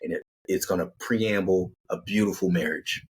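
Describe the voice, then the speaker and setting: An earnest young fiancé on a hike, his voice slightly husky and a touch raised, as a storyteller plays him. He sounds obliging and eager to help. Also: low-pitched, fairly even intonation, normal speed, pitched below the performer's own voice, poor audio. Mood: dreamy.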